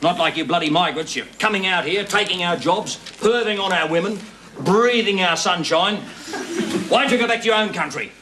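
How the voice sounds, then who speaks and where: An actor playing a grumpy, bigoted middle-aged Australian father who talks in a gruff, mocking, blustering way. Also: high-pitched, normal speed, pushed and bright, a little hiss or hum. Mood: scornful. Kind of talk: sitcom acting.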